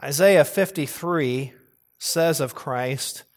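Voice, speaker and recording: A man's voice: fairly high pitch, takes it slowly. A male pastor preaching a sermon earnestly, pressing hard on key words and now and then restarting a phrase. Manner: occasional restarts and repeated phrases.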